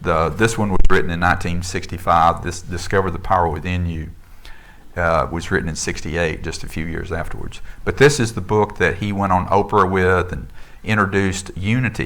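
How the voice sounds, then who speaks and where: A middle-aged minister with a low voice delivers a relaxed, conversational sermon. He tells a story at an easy pace and keeps stopping with fillers and restarts.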